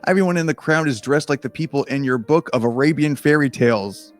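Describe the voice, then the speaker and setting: Over soft background music, a man with a mid-range voice reads a choose-your-own-adventure book aloud at a fairly quick pace. He keeps it casual and comedic, rambling into self-deprecating asides and swearing often.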